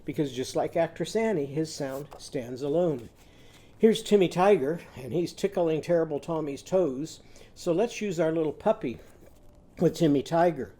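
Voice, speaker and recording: A man's voice: fairly high pitch, moderate pace, mellow. A man teaching a children's literacy lesson, patiently guiding young listeners through sounds and letters.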